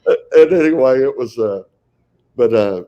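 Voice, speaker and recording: A man's voice: medium pitch, animated, measured pace, dull audio. An older man with a Texan accent, a folksy storyteller who chuckles often as a guest on a video call. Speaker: guest, professional Santa Claus. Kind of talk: casual interview conversation.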